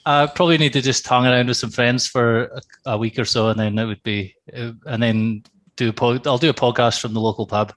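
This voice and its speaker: A man's voice: mid-range voice, steady tone, brisk, fairly bright tone. A man from northern England with an English accent, chatting casually as a podcast co-host and telling a loose, rambling story. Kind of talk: casual chat.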